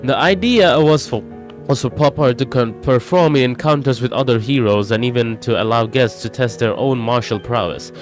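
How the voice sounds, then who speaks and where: A man's voice: medium pitch, normal speed, faint music behind, natural voice. A man reading the lines of a polite, apologetic woman who runs a resort, in his own voice. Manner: apologetic, formal, reading game lines aloud. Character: polite anxious female resort supervisor.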